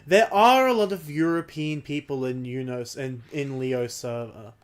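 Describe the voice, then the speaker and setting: With a medium-pitched voice and a slightly slow delivery, a young Australian man chats on his livestream as he plays. He rambles, runs himself down in jest, and laughs frequently.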